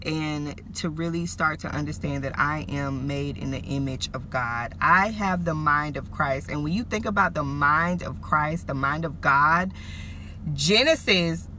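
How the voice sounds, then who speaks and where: Earnest woman with a bright voice. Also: sits low, measured pace, slight background noise. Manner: earnest and emotional, addresses viewers as y'all. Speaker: vlogger. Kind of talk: faith-based personal talk to camera.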